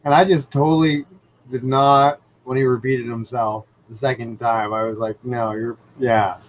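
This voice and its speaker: A man talks into a computer mic at home beside his fish tank, hosting a relaxed livestream. He rambles through his stories with plenty of fillers and restarts, his voice sitting at an ordinary middle pitch for a man. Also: normal speed, slight background noise, low-quality recording. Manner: animated storyteller, rambling with many fillers. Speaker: livestream host. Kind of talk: casual live chat and anecdote. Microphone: computer microphone.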